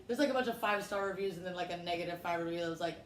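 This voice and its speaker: A woman's voice: fairly low pitch, very fast. A woman comedian telling a wild family story in casual chat, brash and profane, acting out the quotes. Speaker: comedian guest. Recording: echoey room with faint noise.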